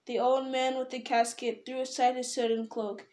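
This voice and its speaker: A woman narrating an audiobook in a steady, clear storytelling voice. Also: on the high side, moderate pace. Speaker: audiobook reader.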